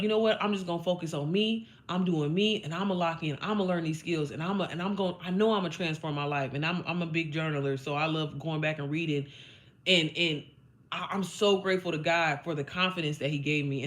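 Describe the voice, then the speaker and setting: A woman's voice: sits low, quick pace. A young woman from Indiana giving a blunt, profane, emphatic motivational talk to her followers, chatty and full of fillers. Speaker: online business coach.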